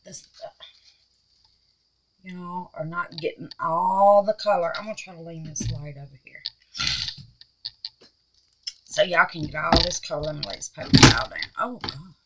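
A woman hosting a casual crafting vlog, chatty and excitable, calling her viewers babies and honey. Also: on the low side, moderate pace, long pauses, very noisy. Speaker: resin craft channel host.

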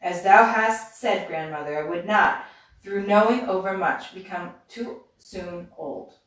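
A woman's voice: mid-range voice, measured pace, natural voice. A timid, polite young girl from a fairy tale, read by a woman, answering carefully in old-fashioned words. The sound is distant and bounces around a very echoey room. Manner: careful, quiet, archaic speech. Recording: roomy, distant mic.

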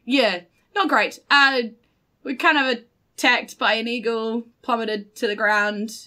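A woman's voice: on the high side, fairly even intonation, measured pace, bright, forceful tone. A woman with a New Zealand accent playing a charming, apologetic male bird adventurer, giggly and eager. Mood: friendly.

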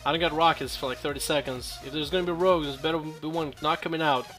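High, bright-voiced young gamer man. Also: steady tone, fast, soft background music. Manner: joking, profane, rambling trash talk. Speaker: gameplay commentator. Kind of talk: casual gameplay commentary.

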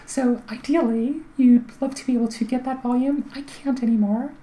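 A woman's voice: a little high, steady tone, moderate pace, dark tone, poor audio. A woman with a light voice that carries little volume, explaining in a casual, chatty way with fillers and restarts. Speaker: vlogger giving voice tips.

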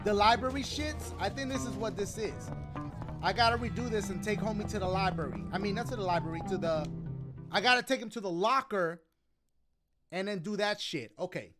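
A man giving casual let's-play commentary over a game, slangy and animated, with sudden loud exclamations. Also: high-pitched, fairly quick. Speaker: gaming commentator. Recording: game music playing underneath.

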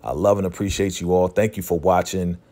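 A man with a somewhat low voice recaps a TV episode for his followers in relaxed, slangy speech. He retells each scene by half-acting the characters' lines and keeps talking straight to the viewers. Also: fairly quick. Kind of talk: casual spoken recap.

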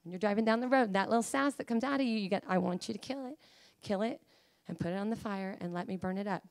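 A woman preacher delivering a sermon, emphatic and pleading, at times rising to high fervent cries. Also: quick pace.

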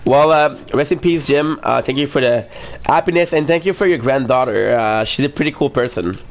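A man's voice: mid-range voice, a little fast. A man chatting casually with friends online, joking, teasing and laughing often, swearing freely.

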